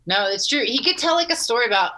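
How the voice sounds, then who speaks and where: A woman's voice: a little high, animated, quick pace, sharp tone. A woman chatting as a podcast guest, teasing the host with dry humor. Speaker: interview guest. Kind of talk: casual interview chat.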